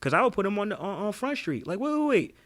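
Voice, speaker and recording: A young man, co-hosting a casual podcast and telling profane, animated stories, laughing often and acting out other people's voices. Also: high-pitched, quick pace. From Boston. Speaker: podcast co-host. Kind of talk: casual storytelling chat.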